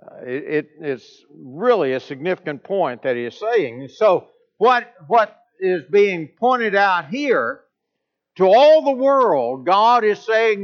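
A high-pitched man delivers a sermon, pressing his points home with rising emphasis. The recording sounds dull and lo-fi. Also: big pitch swings, slow. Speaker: preacher.

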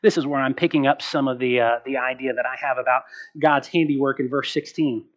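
A man preaching a sermon as pastor, slowing down to stress key words and asking rhetorical questions. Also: mid-range voice, steady tone, dull audio. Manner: asks the congregation rhetorical questions.

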